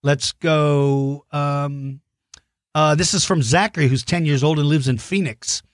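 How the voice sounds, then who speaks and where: A fairly high-voiced man hosts a podcast for children and answers their questions with friendly enthusiasm. He talks casually, full of ums and quick restarts. The sound is dry and close, with no room echo. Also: fairly even intonation. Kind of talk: casual chat to young listeners.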